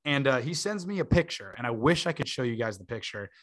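Young guy on a podcast, bright voice, rambling story with lots of uh and you know. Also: mid-range voice, lively intonation, fast. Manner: rambling, filler-heavy, laughing asides. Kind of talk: casual storytelling.

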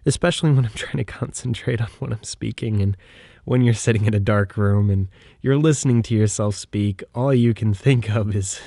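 A man's voice: on the low side, normal speed, creaky, dark tone, no echo, clean studio sound. A young man hosting his own podcast in a casual, rambling monologue, often hesitating, restarting and correcting himself, recorded on a microphone. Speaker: podcast host.

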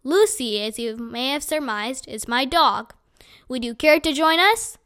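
A woman voicing a big bearded wandering man who speaks in a gentle, courtly, playful way in a storybook reading. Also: high-pitched, expressive, measured pace, clear, resonant tone. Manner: courtly, playful, formal wording.

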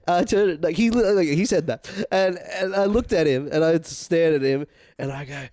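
A man's voice: sits high, moderate pace, darkish tone, no echo, studio quality. A man telling a story in casual podcast chat, laughing often and swearing freely. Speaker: podcast guest, former chef.

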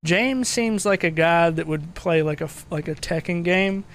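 A man's voice: fairly high pitch, normal speed. A young man chatting casually about video games as a podcast co-host, swearing and laughing as he tells stories. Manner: profane, laughing, animated storytelling. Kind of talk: casual gaming chat.

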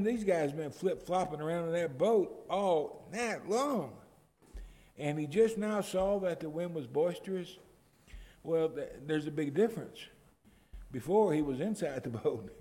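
Male preacher, fairly high voice, storytelling sermon with emphatic peaks, long hall reverb. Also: expressive, a little slow, mellow. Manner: storytelling, building to emphatic outbursts.

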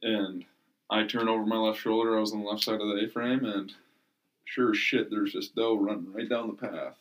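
A man co-hosting a podcast, telling stories in a relaxed way with casual swearing. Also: lowish voice, brisk. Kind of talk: casual chat.

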